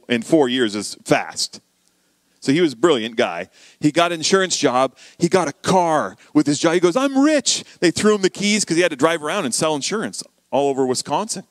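Man, sermon storytelling, fairly high voice, dry close sound, animated quoted dialogue. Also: no echo. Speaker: preacher.

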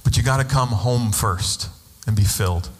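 A man's voice: medium pitch, normal speed, husky, in a large hall. A man preaching a sermon as a pastor, telling a personal story and acting out the voices of the people in it. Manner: storytelling, acts out quoted voices.

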